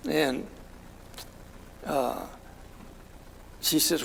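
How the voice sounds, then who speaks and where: A man's voice: on the high side, slow, vocal fry, long pauses, in a large hall, slight background noise, poor audio. A man leading an informal Bible study in a church, talking conversationally and asking his class questions. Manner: conversational, asks the class questions, many fillers. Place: church hall.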